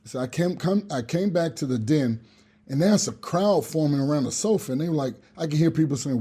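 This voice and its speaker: Husky, mellow man telling a story. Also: a little high, a little fast. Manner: animated, acts out other people's lines. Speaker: regular guest. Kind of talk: comic storytelling on a radio show.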